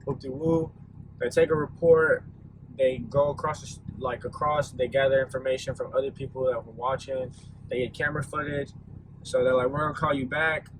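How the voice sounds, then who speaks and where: Young male vlogger, relaxed storyteller, loose and rambling, some background noise. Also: mid-range voice, a little fast, rough recording. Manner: laid-back, rambling with many fillers. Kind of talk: casual storytime vlog.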